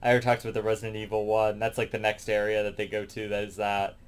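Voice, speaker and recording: A man's voice: fairly low pitch, monotone, fast, clean tone, soft background music. A man casually recapping a movie plot as a reviewer, rambling along with lots of "um" and "like" fillers. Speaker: film reviewer.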